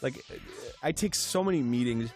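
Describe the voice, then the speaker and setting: A man co-hosting a casual video game let's play, swearing and laughing loudly while fighting a lingering cough. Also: mid-range voice, lively intonation, moderate pace, faint music behind. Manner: loud, swearing, laughing often. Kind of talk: casual gameplay banter.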